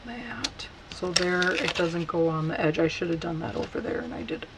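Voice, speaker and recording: Lady chatting slow through a stamping tutorial at home, lowish voice, noisy room. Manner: chatty and unhurried, talks while working. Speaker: card-making instructor.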